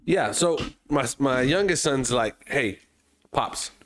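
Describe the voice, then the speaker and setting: A man from Mexico, co-hosting a podcast, telling a travel story with lively acted-out voices and plenty of swearing. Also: medium pitch, takes it slowly, a little hiss or hum. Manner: animated storyteller, acts out other people's voices, swears freely. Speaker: podcast co-host. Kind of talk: casual chat, storytelling.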